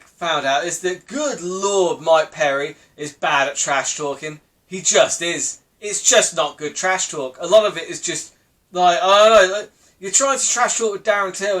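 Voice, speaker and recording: A young man talks through the week's news in a loose, rambling way. His voice sits high for a man, and he laughs and swears as he goes. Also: a bit bright. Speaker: podcast host. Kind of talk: casual solo commentary.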